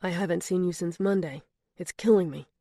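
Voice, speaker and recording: A woman's voice: lowish voice, fairly quick, mellow, no echo, clean studio sound. A woman voicing a drunk, pushy young man. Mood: leering.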